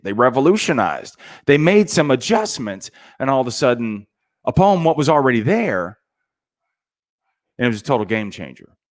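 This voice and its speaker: A middle-aged man giving a casual motivational talk to salespeople, preachy and peppered with "man". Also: mid-range voice.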